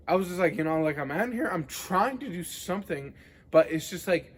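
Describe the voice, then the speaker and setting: A man's voice: on the high side, fairly quick. Rambling, profane young man. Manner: rambling, profane, heavy on filler words. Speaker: vlogger. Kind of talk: casual monologue to camera.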